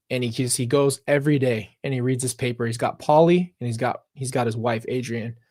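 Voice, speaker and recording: A man's voice: mid-range voice, a little mellow, no echo, studio quality. Earnest man hosting a live reaction stream. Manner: earnest, reflective, rambling tangents; talks straight to viewers and chat. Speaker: reaction channel host.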